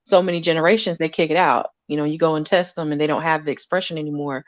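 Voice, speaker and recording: A woman scientist talking casually about her lab work, animated and often laughing as she acts out conversations. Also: low-pitched, quick pace, no echo, dull audio.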